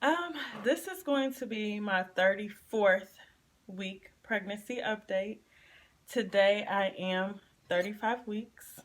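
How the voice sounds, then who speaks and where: A woman, chatting casually in a pregnancy update and eating vlog, her nose stuffy and running. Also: mid-range voice. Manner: chatty and expressive, drawn-out repetitions. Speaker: vlogger.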